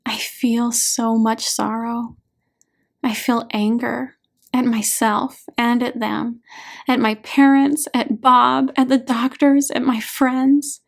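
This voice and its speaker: A sobbing woman in her forties, as the reader puts her on, her words breaking and gasping through tears. The voice sits high and moves slowly. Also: fairly even intonation, creaky, heavily acted. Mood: whispered sorrow. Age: 40s. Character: anguished woman reliving teen trauma, sobbing.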